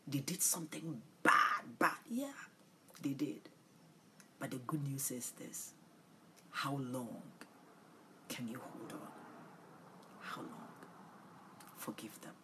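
A woman preaching and praying on a livestream, pleading and tender, often repeating short phrases and dropping into soft breathy whispers. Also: extremely low pitch, expressive, slow, pauses often, a little hiss or hum. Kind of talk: livestream sermon and prayer.

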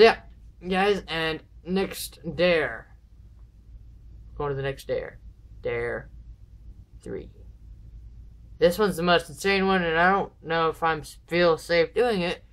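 Speaking slowly with long pauses, a vlogger with a mid-range, fairly bright voice takes on viewer dares at home. The chat to camera is casual and rambling, with a nervous countdown before each dare.

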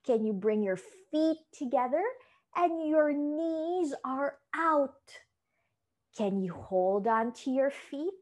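A kids' yoga teacher from the Philippines leads a children's class, offering encouraging, sing-song instructions and asking questions. Her voice is high, animated, and darkish in tone, and she speaks slowly.

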